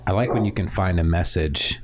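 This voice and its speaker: A man's voice: deep voice, a little fast, background noise. A man co-hosting a podcast, talking casually and thoughtfully, with frequent ums and false starts. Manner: thoughtful, hesitant, many fillers. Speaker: podcast co-host. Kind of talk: casual conversation.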